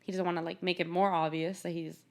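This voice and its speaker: A woman's voice: lowish voice, level tone, fast talker. A young woman hosting a podcast, recapping a film in casual chat, sarcastic and swearing freely as she retells scenes. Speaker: podcast host.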